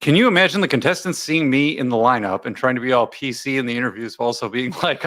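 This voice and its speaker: A man's voice: medium pitch, quick pace, few pauses, fairly bright tone. A man hosting a casual live stream, reading out viewer comments and rambling with frequent laughs. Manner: chatty, rambling, laughs often. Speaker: livestream host.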